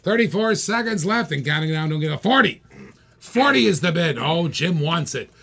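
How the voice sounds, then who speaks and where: A man hosting a live-stream auction, calling bids in rapid repeated phrases and egging bidders on. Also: on the high side, sing-song, gravelly, a bit bright, husky. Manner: rapid repetitive bid calling, hyping bidders. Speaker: auctioneer host.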